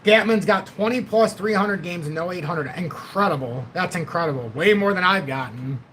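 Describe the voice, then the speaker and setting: A man in his forties hosts a casual livestream and talks in a rambling, blunt way, swearing freely. His voice sits a little high for a man. There is faint hiss under the voice. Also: normal speed, a bit bright. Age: 40s. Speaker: livestream host.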